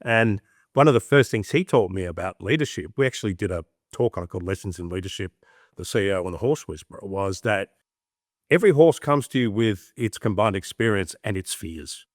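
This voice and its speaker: A middle-aged Australian man with a lowish voice tells stories with lively animation. He slips into little character voices as he talks. The sound is dry and close. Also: fairly quick, dry recording. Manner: animated storyteller, acts out voices in anecdotes. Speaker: guest. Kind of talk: reflective interview talk.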